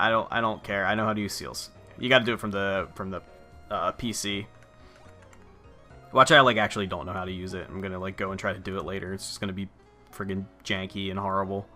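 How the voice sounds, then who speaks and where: A man's voice: deep voice, sharp tone. A young man giving casual, rambling commentary while playing a video game, swearing offhandedly. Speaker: let's play gamer.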